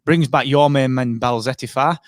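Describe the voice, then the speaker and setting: At normal speed and in a mid-range voice, a podcast co-host rambles through casual conversation. Fillers and restarts crop up constantly. There is no echo, just clean studio sound.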